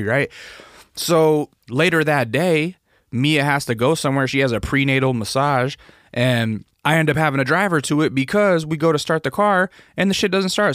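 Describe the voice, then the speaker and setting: A young man in the middle of a casual story, swearing freely as his frustration builds into sharp, loud outbursts. His voice sits in an ordinary middle range. The sound is dry and close, with no room echo. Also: mid-range voice. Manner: profane, exasperated, rising to shouted outbursts when quoting himself.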